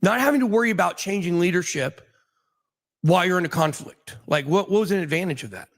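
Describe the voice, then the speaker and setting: A man's voice: sits high, fast. A man hosting a casual talk show, speculating in a rambling way with many restarts and fillers. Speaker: host.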